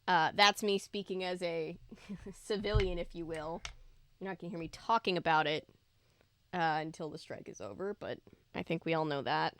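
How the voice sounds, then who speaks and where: A woman's voice: lowish voice, normal speed, fairly bright tone. A woman reading a children's horror book aloud, breaking off for casual asides to her viewers. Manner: casual, chatty remarks to viewers between passages. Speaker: book reader and video host.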